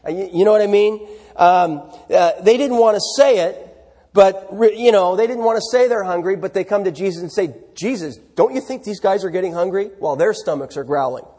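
A man's voice: sits high, fairly quick, dark tone, in a large hall. A man preaching a sermon, talking in a conversational way and putting questions to his congregation. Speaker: pastor.

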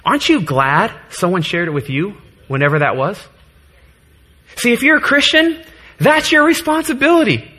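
A man's voice: sits high, expressive, normal speed, sharp tone, breathy edge. A man in his thirties preaching a sermon to his congregation in a church, earnest, joking at times and getting choked up. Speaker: pastor.

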